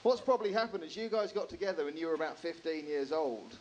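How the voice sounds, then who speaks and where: A man doing a stand-up comedy set in a live room, animated, swearing freely and acting out characters. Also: a little high, fast, muffled recording, slight background noise.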